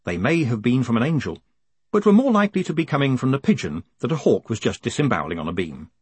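A man narrating an audiobook in a wry, measured storytelling manner. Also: medium pitch, big pitch swings, darkish tone, breathy edge, dry recording. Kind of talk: scripted narration.

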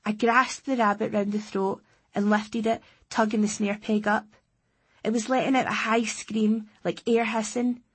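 A woman's voice: medium pitch, flat delivery, unhurried, husky. A woman reading a first-person story aloud in a plain, understated way. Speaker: audiobook narrator. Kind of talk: scripted first-person narration.

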